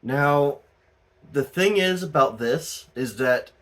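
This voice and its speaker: Male tarot reader host, slow and drawn-out delivery, casual and animated, laughing and swearing. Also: on the high side. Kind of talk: casual tarot reading monologue.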